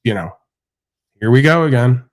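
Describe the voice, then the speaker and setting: A man's voice: medium pitch, lively intonation, moderate pace. A man hosting a live stream, talking in a boastful, rambling, mocking way in crude casual banter.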